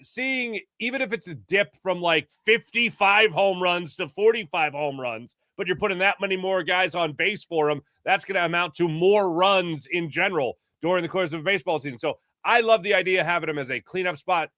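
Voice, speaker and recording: A middle-aged man arguing his sports takes with emphasis, picking up speed as he presses a point. His voice is bright and forceful, a touch high for a man. The sound is dry and close. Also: fairly quick, hardly any pauses, dry recording. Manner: emphatic, opinionated, speeds up when making a point. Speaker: sports talk co-host. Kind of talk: casual sports talk and opinion.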